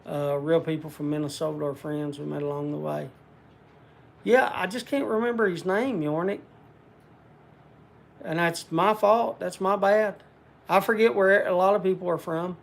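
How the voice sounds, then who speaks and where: A man's voice: high-pitched, steady tone, normal speed, creaky, long pauses. An older man hosting a casual livestream, rambling in a folksy country way and answering viewer comments. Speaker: livestream host.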